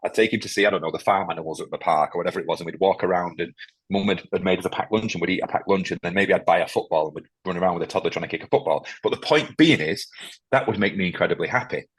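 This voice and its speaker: Male guest, deep husky voice, quick and halting, emotional and candid. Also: no echo. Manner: halting, emotional, many restarts. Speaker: podcast guest, firefighter. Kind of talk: candid interview conversation.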